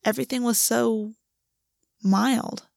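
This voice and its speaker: A woman narrating a story aloud in a steady, even reading voice. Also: a little high, slow, gravelly, no echo, clean studio sound. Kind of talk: audiobook reading.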